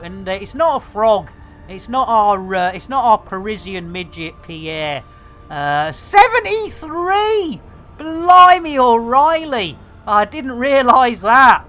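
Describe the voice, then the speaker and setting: A middle-aged British woman with a mid-range, slightly bright voice is streaming a game. She keeps up casual live commentary as she plays, trading jokey, slangy banter with her viewers.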